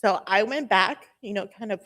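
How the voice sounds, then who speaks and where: Speaking during public comment at a city meeting, a young Southern Californian woman sounds emotional and nervous. She halts often and leans on fillers, her voice mid-range with a bit of brightness.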